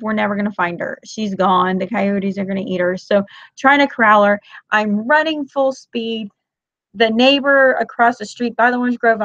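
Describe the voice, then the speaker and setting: Middle-aged woman, livestream host, chatty and animated, a little high with some vocal fry, dry lo-fi sound. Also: no echo. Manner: chatty, animated storytelling, greets viewers by name. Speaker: homeschooling mom livestream host. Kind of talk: casual livestream chat.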